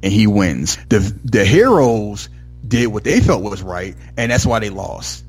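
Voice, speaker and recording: This is a man with a deep voice that has a husky edge. He rambles enthusiastically through a film discussion, piling on fillers and slipping into the characters' lines. The talk stays loose and conversational. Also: lively intonation, measured pace, soft background music. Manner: rambling, heavy use of "like" and "you know"; enthusiastic, acts out movie lines. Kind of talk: casual movie discussion.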